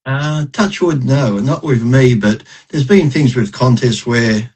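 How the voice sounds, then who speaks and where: Blunt husky man. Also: mid-range voice, a little slow, darkish tone, poor audio. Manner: blunt, profane, self-mocking. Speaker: podcast guest, retired bodybuilder. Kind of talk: casual interview storytelling.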